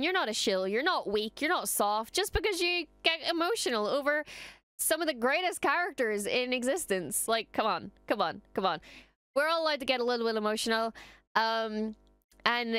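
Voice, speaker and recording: A woman's voice: high-pitched, a bit bright, no room sound. A woman hosting a reaction video, talking casually and emotionally, swearing freely and trailing off as she gushes. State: emotional after watching. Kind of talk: casual post-episode reaction chat.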